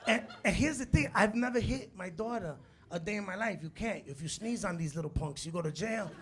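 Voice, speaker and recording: A male stand-up comedian on a club stage, acting out scenes and shouting punchlines, with Spanish words mixed in. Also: high-pitched, expressive, a little fast. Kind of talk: live stand-up set. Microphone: handheld stage mic. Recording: live club recording with crowd noise. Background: laughing audience.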